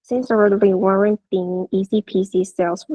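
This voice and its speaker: A woman's voice: medium pitch, flat delivery, normal speed, mellow, slightly rough, poor audio. A woman student reading an email aloud in class, hesitant and careful.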